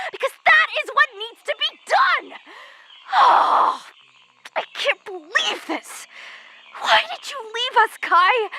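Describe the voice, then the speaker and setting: A hot-tempered, lonely teen girl with fire powers, played by a woman, recording a voice-note monologue for a fan audio drama. Her voice sits very high and rings bright and sharp. She swoops widely in pitch as she chatters and answers her own questions. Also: slight background noise, exaggerated voice. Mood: upset.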